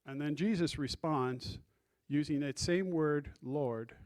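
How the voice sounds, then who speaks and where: A man's voice: a little high, slow pace, a little mellow. A man preaching a sermon as pastor, reading scripture aloud and guiding the congregation through the text. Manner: teaching, reads scripture aloud and directs the congregation.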